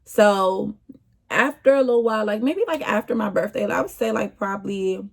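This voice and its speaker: A woman's voice: mid-range voice, moderate pace, gravelly. A young woman vlogger telling a storytime in a casual, slangy, exasperated way.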